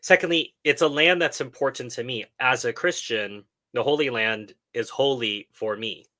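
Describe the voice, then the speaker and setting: Bright-voiced man hosting a live stream. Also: medium pitch. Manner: thoughtful, pauses and restarts while explaining. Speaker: channel host answering viewer questions. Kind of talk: casual live-stream talk.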